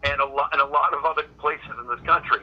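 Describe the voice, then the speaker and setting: A man's voice: a little high, steady tone, fast talker, husky, lo-fi sound. A middle-aged man from Boston, a comedian guest telling road stories in casual chat, often stopping and restarting his sentences. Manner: rambling storyteller, frequent restarts.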